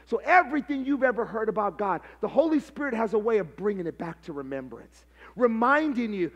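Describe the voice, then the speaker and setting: Very high-voiced preaching man. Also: big pitch swings, moderate pace, slightly rough. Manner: call-and-response preaching, prompting the congregation; builds to shouted, sing-song passion. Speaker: pastor. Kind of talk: live sermon.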